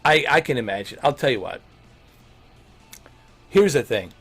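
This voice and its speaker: A man hosting a casual Q&A on tech and games, talking in a blunt, animated and profane way. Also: medium pitch, moderate pace, slightly rough, soft background music. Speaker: host answering viewer questions.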